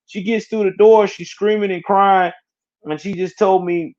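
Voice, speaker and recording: A man in his thirties telling a personal story in casual chat, halting and repeating words as he goes. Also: high-pitched, fairly even intonation, a little mellow. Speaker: interview guest. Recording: muffled lo-fi audio.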